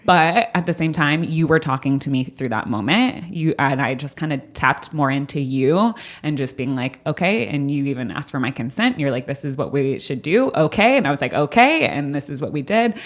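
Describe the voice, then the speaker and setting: A young woman, a guest on a podcast, speaking in casual, animated chat and acting out what people said. Her voice sits very low for a woman. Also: a little fast, hardly any pauses. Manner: animated, laughs often, acts out quotes. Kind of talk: casual conversational storytelling.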